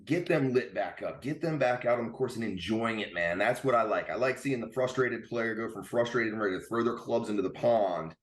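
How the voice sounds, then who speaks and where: A man's voice: lowish voice, brisk, few pauses. A man hosting a golf podcast, talking casually and emphatically, often tagging his points with "man" and "right.". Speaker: podcast host. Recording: roomy echo.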